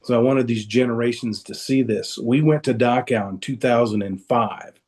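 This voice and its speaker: A man's voice: mid-range voice, normal speed, darkish tone. A man telling a personal story as a guest in a casual, rambling way, with many restarts, over a video call. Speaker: guest speaker.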